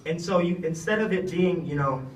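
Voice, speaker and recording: A man's voice: fairly high pitch, brisk, slight background noise. Earnest young man, echoey distant speech. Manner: earnest, rambling, many fillers. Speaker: retiring wrestler giving a thank-you speech. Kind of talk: heartfelt speech. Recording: echoey room, speaker far from mic.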